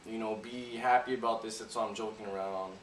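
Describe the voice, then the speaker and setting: A man's voice: lowish voice, steady tone, brisk. A young adult man hosting a casual news chat, easygoing and talking while he eats. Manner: easygoing, talks while eating. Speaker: show host. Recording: echoey room, far from the mic, faint noise.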